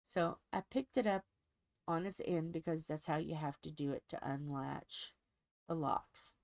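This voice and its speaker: A woman's voice: deep voice, unhurried, creaky, a little mellow, no echo. A woman hosting a diamond painting channel, chatting casually while she crafts and telling a rambling, folksy story from home.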